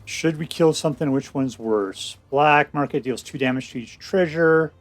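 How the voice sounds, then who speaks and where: A man's voice: a little high, normal speed. A man giving casual commentary on a card game he is playing, counting cards aloud under his breath and making wry, sarcastic remarks to himself.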